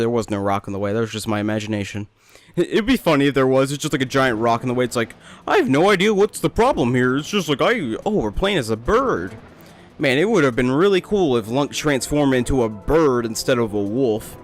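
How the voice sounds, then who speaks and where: Rambling young man playing a game. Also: medium pitch. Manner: rambling, joking, talks to the game. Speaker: let's play host. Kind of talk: casual gameplay commentary.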